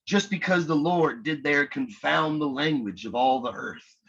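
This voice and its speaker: A man putting on a fiery Southern revival preacher, declaiming scripture at a raised, higher pitch in a husky voice. The sound is dull and lo-fi. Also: expressive, a little slow, a bit bright, full character voice. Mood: thundering. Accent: American Southern.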